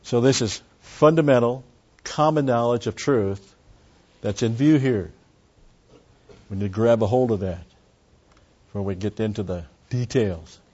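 A man with a fairly low, warm voice leads a Bible study, unpacking words closely. He hammers his points home emphatically, repeating key phrases. The recording is dull and lo-fi.

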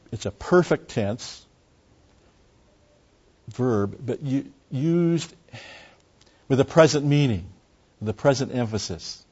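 Heard on a dull lo-fi recording, this Bible study teacher has a medium-pitched, dark voice. He examines words carefully and speaks with emphasis, driving points in by repeating key phrases.

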